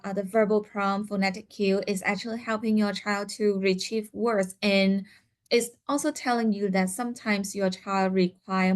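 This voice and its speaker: A woman leads a seminar for parents. Her voice sits at an average pitch, and she explains each step slowly with frequent "uh" fillers. Now and then she acts out the lines of a parent or a child.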